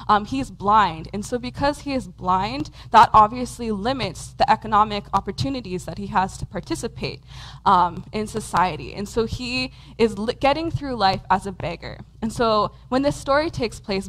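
A woman's voice: medium pitch, fairly bright tone, a little hiss or hum, low-quality recording. A woman preaching a conversational sermon in a church, talking casually with lots of "um" and "like". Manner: casual, many fillers like "um" and "like". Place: church hall with a congregation.

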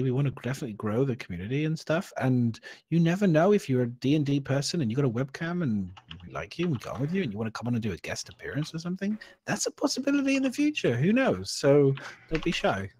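Lively, eager man inviting viewers in. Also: on the high side, fast talker, breathy edge. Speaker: player and co-host. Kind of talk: casual stream chat.

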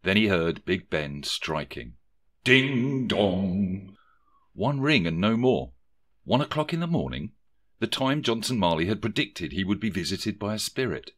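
A man's voice: fairly low pitch, big pitch swings, moderate pace, fairly bright tone, dry recording, studio quality. A man narrating a comic story in a wry, mock-solemn storybook tone.

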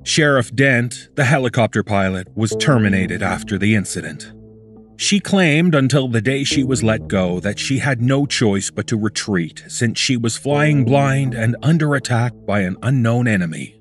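A man narrating a horror story in a measured, documentary-like scripted voice. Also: medium pitch, lively intonation, faint music behind.

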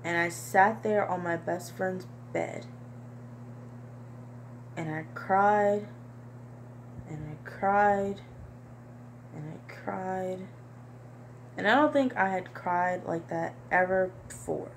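A young woman vlogger talking to camera in a halting, repetitive, soft-spoken confessional monologue. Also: on the low side, slight background noise. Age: young adult.

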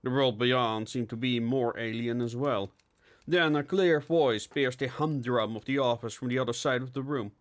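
A man narrating a steampunk novel in a measured storytelling manner. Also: medium pitch. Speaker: audiobook narrator. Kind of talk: scripted narration.

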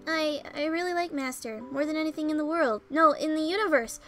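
A woman's voice: high-pitched, fairly quick, voice pushed up, natural voice. A woman voicing a sweet, devoted young man servant who eagerly stammers. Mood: pleading. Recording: game music behind.

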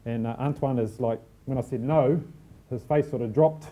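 Relaxed New Zealand man telling stories. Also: medium pitch, moderate pace. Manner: relaxed storytelling, self-deprecating humour. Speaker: team manager giving a talk. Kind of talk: live talk to an audience. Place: packed function room.

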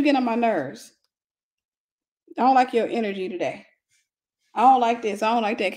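A woman's voice: a little high, moderate pace, pauses often, a little mellow. A woman giving a casual, blunt and humorous talk on marriage as a Christian relationship teacher.

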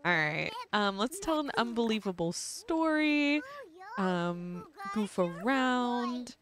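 A woman's voice: a little high, lively intonation, takes it slowly, a bit bright. A young woman casually narrating her life-sim gameplay, chatty and giggly with lots of ums. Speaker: gaming channel host. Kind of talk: casual let's-play narration.

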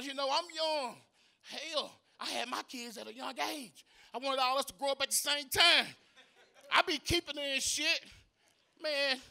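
A man's voice: very high voice, gravelly, bright, forceful tone. A man performing a profane, punchy stand-up set on a comedy club stage, full of loose asides.

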